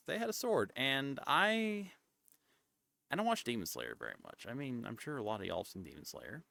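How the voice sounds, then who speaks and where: A male streamer chats in a rambling, gravelly voice that swings widely in pitch. He keeps cutting himself off, slips now and then into hushed asides, and the sound is close and dry. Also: no room sound. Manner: rambling, self-interrupting and chatty. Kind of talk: casual chat.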